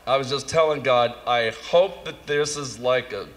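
A man telling a humorous, self-mocking story in a sermon, animated and jumping into high voices for comic asides. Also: moderate pace. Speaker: conference speaker. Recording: long hall reverb, faint room noise.

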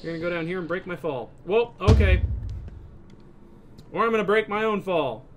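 A young man doing let's play commentary on a horror game, excitable, swearing often and breaking into laughter. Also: sits high, normal speed, muffled recording, slight background noise. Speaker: gaming video host.

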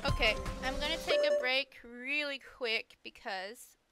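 A woman's voice: high voice, a little slow, loud music behind the voice. A woman streaming and chatting casually to her viewers, laughing often and swearing freely. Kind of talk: casual live-stream chat.

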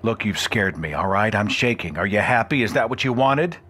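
A man's voice: lowish voice, animated, brisk, bright, forceful tone, breathy edge, heavily acted. A man voicing a scared teenage girl babysitter, pleading and frightened in a told ghost story.

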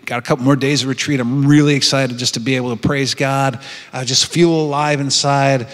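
In a conference hall full of long reverb, a man delivers a sincere personal testimony at a retreat, frequently restarting as he goes. He speaks briskly, with a medium-pitched voice and fairly even intonation.

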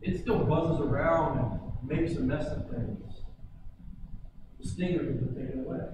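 A man preaching a sermon as pastor, shifting between forceful emphasis and quiet, slowed lines. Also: a little high. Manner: builds to forceful emphasis then drops quiet. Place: church sanctuary. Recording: echoey church hall, distant mic, background noise.

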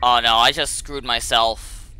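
A man commenting on a horror game he is playing, swinging from quiet muttering to frustrated yelling and reading notes aloud. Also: mid-range voice, fairly even intonation, background noise. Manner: reads an in-game note aloud haltingly. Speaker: gameplay video host.

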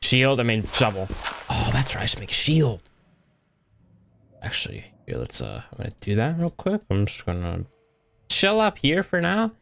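A man's voice: on the low side, sing-song, normal speed, vocal fry, fairly bright tone, a little hiss or hum. Laid-back young man narrating gameplay. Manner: laid-back, rambling, talks to himself while playing. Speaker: gaming YouTuber. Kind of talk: casual Minecraft let's play commentary.

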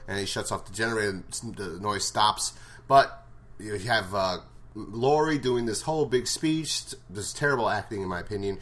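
A man's voice: lowish voice, lively intonation, normal speed. Profane rambling man recapping a show. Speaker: show reviewer. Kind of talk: casual episode recap.

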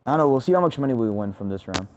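A man's voice: mid-range voice, lively intonation, racing, muffled recording, slight background noise. A man gaming with friends over voice chat, laid-back and teasing, swearing casually. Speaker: gamer in voice chat. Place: at home on online voice chat.

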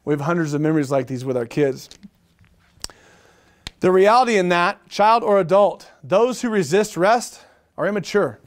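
A middle-aged male pastor preaching a sermon, animated and repetitive, asking the room questions. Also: sits high, moderate pace, pauses often. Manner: animated preaching with repeated phrases and rhetorical questions.

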